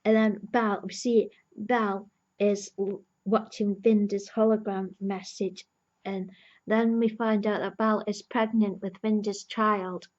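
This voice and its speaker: Brief: female TV reviewer, earnest invested fan, slow unhurried delivery, slightly dull lo-fi audio. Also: mid-range voice, little pitch movement, darkish tone. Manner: earnest, emotionally invested fan recapping the plot. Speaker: TV episode reviewer. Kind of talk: casual review vlog.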